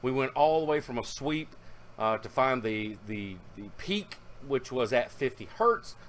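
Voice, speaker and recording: A man's voice: medium pitch, lively intonation, measured pace, a bit bright, a little hiss or hum. A man, talking casually and rambling in a hobby video, with fillers and self-corrections. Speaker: car audio hobbyist vlogger. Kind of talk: casual vlog narration.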